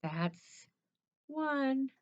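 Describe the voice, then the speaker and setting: A woman's voice: high voice, very animated, very slow, no echo. A woman teacher leading children through a morning routine in an encouraging, sing-song, playful way. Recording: slightly dull lo-fi recording.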